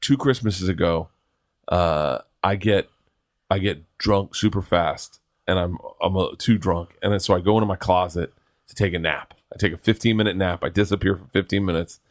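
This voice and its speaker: Animated rambling middle-aged man. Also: sits low, moderate pace. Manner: animated, rambling storyteller with many restarts. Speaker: guest. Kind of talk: casual storytelling chat.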